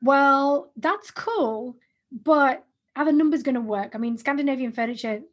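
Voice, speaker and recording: A woman in her forties co-hosting a business podcast, chatty and animated, often restarting her words. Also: high voice, unhurried, muffled recording. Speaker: podcast co-host. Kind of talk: casual business podcast chat.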